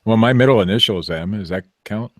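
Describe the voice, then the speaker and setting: A low-voiced man hosts a podcast, chatting casually and joking as he rambles through restarts. The sound is dry and close. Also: fast talker, fairly bright tone, dry recording. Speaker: podcast host. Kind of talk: casual banter.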